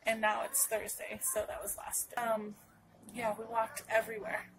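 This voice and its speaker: A woman's voice: on the high side, completely flat delivery, normal speed, background noise. A young woman from Northern California telling a personal story to camera in a rambling way, full of restarts and asides. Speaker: vlogger.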